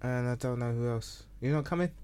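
A man's voice: medium pitch, fairly quick, darkish tone, clear, resonant tone. A man, a comedian guest on a podcast, talking in a laid-back way and laughing easily. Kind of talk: casual chat.

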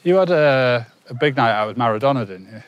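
A man's voice: medium pitch, lively intonation, fairly quick, no echo, muffled recording. A man interviewing a musician, asking brief prompting questions. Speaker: interviewer, journalist.

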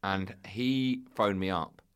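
A man's voice: low-pitched, slow, a bit bright, smooth. A man hosting a casual podcast chat, telling stories in a playful, teasing way. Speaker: podcast host.

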